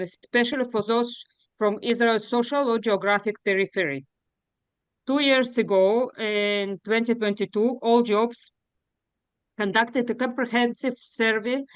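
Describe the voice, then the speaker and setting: A woman's voice: a little high, clear, resonant tone, no echo, muffled recording. Earnest Russian-accented woman presenting. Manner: earnest, halting non-native English with fillers. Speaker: program director presenting. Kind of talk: workshop presentation.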